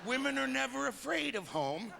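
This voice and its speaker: Gravelly high-voiced middle-aged comedian. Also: male voice. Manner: animated, acts out quick dialogues. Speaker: stand-up comedian. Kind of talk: stand-up comedy. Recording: live comedy club, loud crowd noise.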